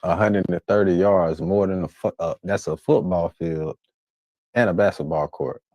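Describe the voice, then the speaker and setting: A man with a very deep, dark voice gives profane, blunt reactions in street slang. He sounds dry and close, with no room around him. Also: moderate pace, no room sound. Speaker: reaction streamer. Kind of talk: casual profane commentary.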